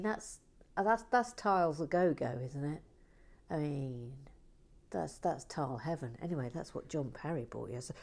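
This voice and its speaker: A woman chatting casually while building, playful and teasing, often dropping into soft whispered asides. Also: low-pitched. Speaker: LEGO building vlogger. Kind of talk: casual chat while building and reading comments.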